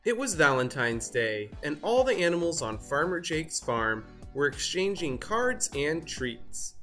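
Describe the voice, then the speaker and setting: A reader narrating a children's picture book aloud in an expressive, sing-song way. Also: medium pitch, unhurried, soft background music. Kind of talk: storybook read-aloud narration.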